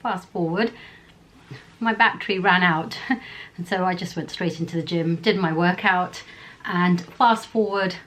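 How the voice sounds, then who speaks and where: A woman's voice: on the low side, measured pace, a bit bright. A woman talking casually to camera as a beauty vlogger, chatty and rambling, often correcting herself mid-sentence. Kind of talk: casual vlog chat to camera.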